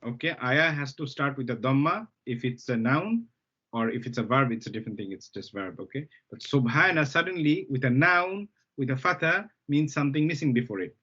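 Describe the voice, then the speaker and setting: A male Arabic teacher runs a lesson at a steady middle pitch. He explains patiently, repeats the key words and keeps stopping to ask if everyone follows. The sound is dull and lo-fi. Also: brisk, breathy edge. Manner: patient, repeats key terms, checks understanding with "okay?". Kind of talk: live language lesson.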